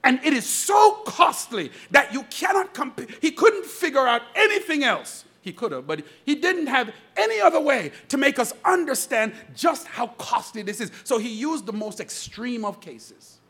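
High, husky, fervent preaching man. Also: very animated, normal speed, few pauses, sharp tone. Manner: fervent preaching, calls out to the congregation. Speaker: pastor. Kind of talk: sermon. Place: church pulpit.

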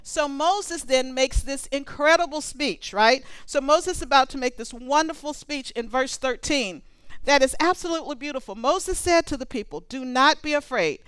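A woman preaching a sermon, conversational and animated, reading scripture aloud between comments. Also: high-pitched, moderate pace, dry recording.

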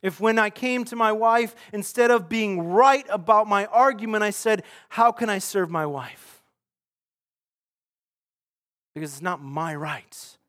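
A middle-aged male pastor preaching with a notably high voice. He is earnest and dynamic, pressing some lines out loudly and dropping others to a near hush. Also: moderate pace. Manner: earnest preaching, swings from loud emphasis to hushed. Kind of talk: sermon.

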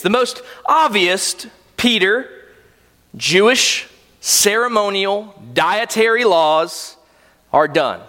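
A man's voice: high voice, sharp tone, in a large hall. A man preaching a sermon as a pastor, telling the story vividly and with animation.

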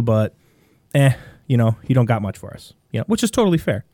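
A man with a Midwestern American accent, a podcast guest telling a long story in a rambling, animated way with many restarts. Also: medium pitch, fast talker, dry recording, studio quality. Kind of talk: casual storytelling.

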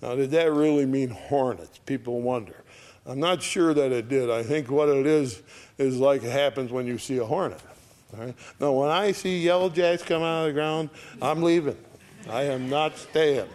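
Folksy preacher, mid-pitched man, homespun asides, reads verses louder and quicker. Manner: casual, homespun speech with asides like "all right?"; reads scripture louder and quicker than his comments.

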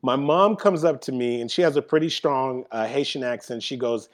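A man's voice: medium pitch, moderate pace. A man, a guest speaker, telling a personal story on a podcast interview and acting out the voices in it. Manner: animated storyteller, acts out quotes.

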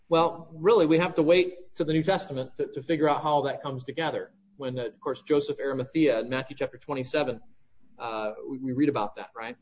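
A man's voice: medium pitch, steady tone, quick pace, darkish tone, dull audio, slight background noise. A man preaching a sermon, teaching through a scripture passage verse by verse and checking in with listeners with frequent "right?" asides. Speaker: pastor.

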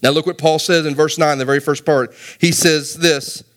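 A man preaching a sermon as pastor, animated and emphatic, asking the congregation rhetorical questions. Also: normal speed. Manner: animated, rising to emphatic high peaks.

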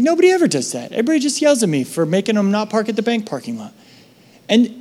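A man pastor preaching a sermon, telling stories with lively acted-out voices and dropping soft for reflective moments and prayer. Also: high voice. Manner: animated storytelling, acting out voices in his anecdotes.

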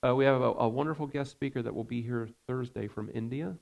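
Male pastor, sermon, mid-pitched gravelly voice, earnest and unhurried. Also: darkish tone, highs cut off. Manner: earnest, measured preaching with frequent fillers.

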